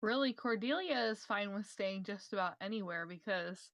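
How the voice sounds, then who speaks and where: Lively, bright-voiced woman player. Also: medium pitch, normal speed, no echo. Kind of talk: tabletop game play.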